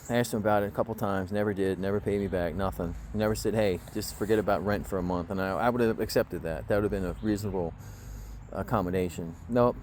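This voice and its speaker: A man with a lowish voice tells a grudge story in a blunt, aggrieved way and swears freely. He's recorded outdoors, with faint birdsong and woodland ambience behind him. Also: a little mellow, a little hiss or hum. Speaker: vlogger. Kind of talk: casual storytelling rant. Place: outdoors in the woods.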